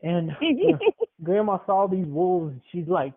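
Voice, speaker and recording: A man spins a rambling comic tale on a podcast and keeps laughing as he goes. His voice sits high. The audio is thin and tinny, like a phone line. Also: very animated, a little slow. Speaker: podcast co-host. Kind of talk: comedic storytelling.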